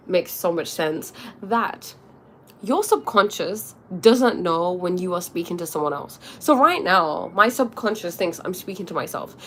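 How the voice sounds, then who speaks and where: A woman hosting a casual spiritual livestream, chatting and often checking in with her audience, animated and quick to laugh. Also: medium pitch.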